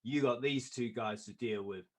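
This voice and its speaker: A man imitating a threatening male bouncer with a rough attempt at a New Zealand accent. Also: medium pitch, normal speed, natural voice. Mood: menacing.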